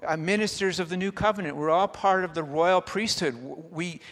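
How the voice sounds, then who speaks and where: A man's voice: high-pitched, brisk, a bit bright. Earnest man in his sixties preaching. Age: 60s. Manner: earnest, conversational, with frequent restarts. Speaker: guest speaker, ordained minister. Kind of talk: personal testimony sermon. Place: church sanctuary. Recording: long hall reverb.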